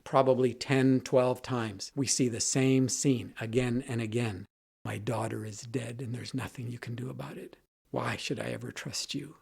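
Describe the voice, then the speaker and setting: Man retelling a story on his podcast. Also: mid-range voice. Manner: retells scenes, quoting dialogue in lively voices. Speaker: podcast host. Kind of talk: personal storytelling.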